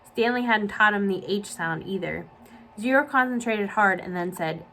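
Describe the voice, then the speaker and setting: A woman's voice: mid-range voice, moderate pace, faint music behind, rough recording. Librarian woman reading a story aloud. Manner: clear, steady storytelling. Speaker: children's librarian. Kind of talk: reading a novel aloud for children.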